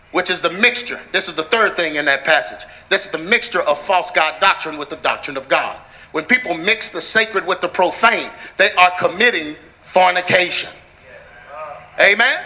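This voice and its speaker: A high-pitched man preaching in a church. His voice is very bright and sharp, and it climbs into emphatic shouts as he drives each point home. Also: low-quality recording. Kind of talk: sermon.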